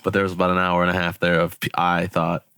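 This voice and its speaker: A young man co-hosts a casual podcast, telling his story with a lot of laughter and swearing. His voice sits low but has a bright, forceful edge, and the sound is close and dry with no room around it. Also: fast talker, clear, resonant tone, no room sound. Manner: animated storyteller, swears freely, laughs often. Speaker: podcast co-host. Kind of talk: casual chat.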